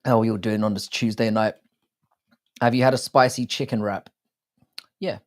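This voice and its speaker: A man's voice: fairly low pitch, fairly even intonation, normal speed. Foul-mouthed British man chatting on stream. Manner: crude, swears often, greets chat by name. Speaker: live-stream host. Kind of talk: casual live-stream chat.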